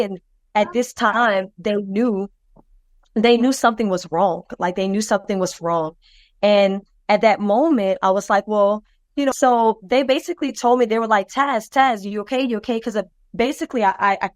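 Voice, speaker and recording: A woman's voice: mid-range voice, dry recording. A woman on a podcast telling a personal story in a loose, rambling way, full of fillers and restarts, acting out the voices of the people in it. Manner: lively and expressive, acts out other people's voices. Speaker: podcast co-host.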